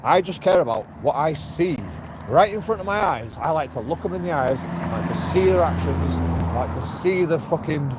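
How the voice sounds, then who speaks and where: A man's voice: a little high, lively intonation, normal speed. Rambling, profane man on a street. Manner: profane, rambling, laughs to himself. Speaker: street video blogger. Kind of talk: rambling outdoor monologue. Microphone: handheld camera. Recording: street ambience and traffic noise.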